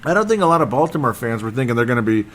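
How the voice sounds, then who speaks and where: A man hosting a casual football recap podcast, rambling and excitable, often losing his train of thought. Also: medium pitch, rapid-fire. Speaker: sports podcast host.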